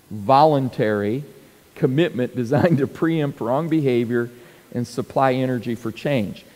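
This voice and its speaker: Long reverb from a hall surrounds this middle-aged man as he teaches church leaders, a little slowly and in a mid-range voice. He's an animated storyteller, voicing quotes and adding sound effects along the way.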